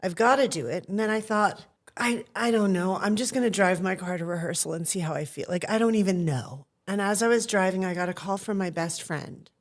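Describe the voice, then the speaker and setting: A woman in a mid-pitched voice shares personal stories as an interview guest. She teaches acting and talks in an earnest, reflective way. She slips into the voices of the people she quotes. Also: fairly quick.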